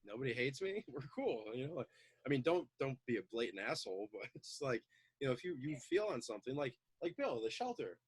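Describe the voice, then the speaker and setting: A man chatting loosely on a talk show, loud and excitable, acting out little quoted voices as he goes. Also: medium pitch, quick pace, slightly rough, no room sound, rough recording. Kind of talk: casual chat, animated storytelling.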